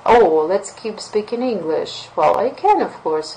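A woman English teacher with a Russian accent running a webinar lesson, lively and playful as she acts out example phrases. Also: medium pitch, a little slow, hardly any pauses, slight background noise, poor audio.

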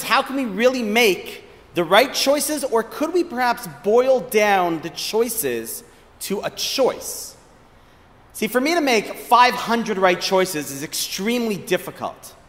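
A man giving a reflective sermon as a rabbi, measured and thoughtful, posing questions. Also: extremely high pitch, big pitch swings, fairly bright tone, big-room sound. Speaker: rabbi giving a short lecture.

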